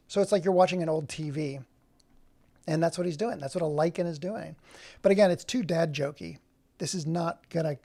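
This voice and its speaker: Brief: male streamer, gravelly voice, rambling, keeps cutting himself off mid-thought. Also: a little high, a little mellow. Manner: rambling, self-interrupting. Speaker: livestream host. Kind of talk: casual livestream chat.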